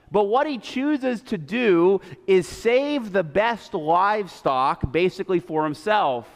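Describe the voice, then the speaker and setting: A male pastor delivers a sermon, retelling the story in a casual, animated way with plenty of fillers. His voice sits high, and the reverberant church sanctuary echoes around him.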